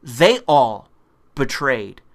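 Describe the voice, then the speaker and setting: With a mid-range voice and drawn-out words, a very animated political commentator delivers a furious, profane rant. He's sarcastic and combative, quoting opponents in mocking put-on voices.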